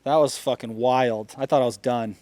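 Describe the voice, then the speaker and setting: A man's voice: mid-range voice, fairly even intonation, normal speed, a little mellow, no echo. A man from Northern California, a company founder, telling blunt, profane stories as a guest in a casual interview. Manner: profane, emphatic storyteller.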